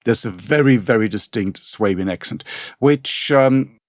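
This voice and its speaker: A man's voice: fairly low pitch, a little slow, dry recording. Man talking history, dry sound. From northern Germany. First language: German. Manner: rambling, many restarts and asides. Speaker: podcast co-host, historian. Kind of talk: casual historical discussion.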